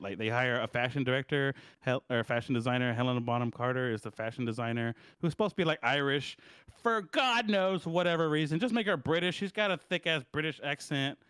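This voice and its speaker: A man's voice: fairly high pitch, animated, fairly quick, a bit bright, clear, resonant tone, no room sound. A man co-hosting a casual film review podcast, talking in a profane, rambling way and checking in with "right?". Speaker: podcast co-host.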